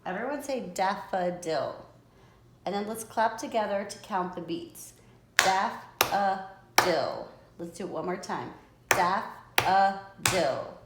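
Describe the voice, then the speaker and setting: A woman teacher giving a lesson to young children, patiently sounding out words and clapping syllables. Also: medium pitch. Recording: echoey room with faint noise.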